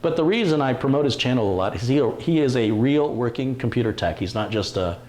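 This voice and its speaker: A man's voice: medium pitch, lively intonation, a little fast, darkish tone. A man hosting a live stream, chatting casually, joking and reading viewer comments aloud. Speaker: livestream host. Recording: roomy echo, faint room noise.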